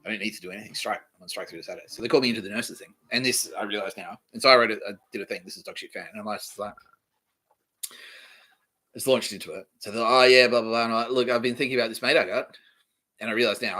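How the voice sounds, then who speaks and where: A man's voice: fairly low pitch, sharp tone, husky. A man hosting a podcast, telling a long story in a rambling, profane, repetitive monologue. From Australia. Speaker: podcast host.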